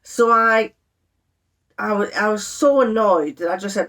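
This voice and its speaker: An older woman, chatting to camera in a sewing vlog, telling an exasperated family story with lively quoted voices. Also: medium pitch, fairly quick. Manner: chatty, exasperated, animated when quoting others. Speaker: sewing vlogger.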